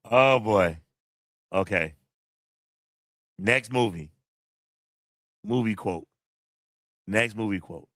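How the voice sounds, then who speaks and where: A man hosting a casual livestream, excitable, repeating phrases and talking to his chat. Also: lowish voice, very slow, pauses often, dry recording, clean studio sound. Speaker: livestream host.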